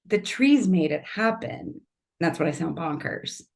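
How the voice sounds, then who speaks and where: A woman's voice: lowish voice, expressive, measured pace, gravelly. A middle-aged woman from Kansas City talking as a podcast guest, earnest and emotional, rambling and restarting her sentences. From Kansas City, Missouri. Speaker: podcast guest, tree artist and storyteller. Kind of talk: casual podcast interview.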